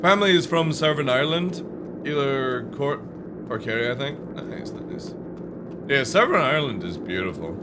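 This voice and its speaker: A man's voice: medium pitch, lively intonation, moderate pace, background noise. A young Scottish man chatting with his viewers while streaming a game, blunt and sweary, humming and musing aloud as he thinks. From Scotland. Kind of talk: casual live-stream chat.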